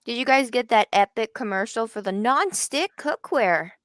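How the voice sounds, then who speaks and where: A woman's voice: on the high side, animated, moderate pace, fairly bright tone, no echo, clean studio sound. A woman co-hosting a casual live reaction chat, playful and joking. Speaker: co-host.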